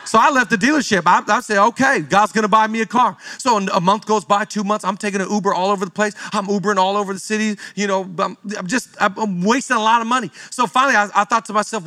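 A man's voice: sits high, quick pace, pushed and bright. A man in his thirties from Seattle, preaching a sermon to a live church congregation, with playful storytelling and jokes. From Seattle, Washington. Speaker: pastor.

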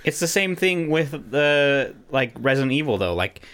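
A man's voice: fairly high pitch, big pitch swings, normal speed, fairly bright tone, smooth. A young man co-hosting a podcast, chatting casually and rambling with lots of restarts and fillers. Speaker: podcast co-host. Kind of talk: casual chat.

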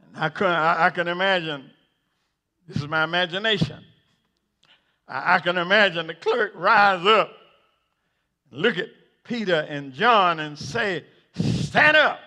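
A man preaching a sermon. He repeats words and builds up to shouting. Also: high-pitched, unhurried, pauses often. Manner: builds to shouting, acts out the figures in the story.

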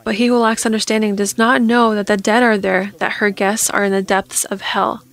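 A woman preaching a sermon, reading Scripture aloud and getting loud at emphatic points. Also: mid-range voice, level tone, moderate pace, rough recording.

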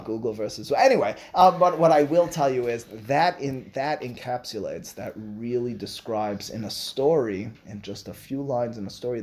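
A man leads a Torah class in an animated lecturing manner. He leans on emphasis and rhetorical questions as he explains texts to his students. His voice sits at an ordinary middle pitch for a man. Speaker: Torah teacher.

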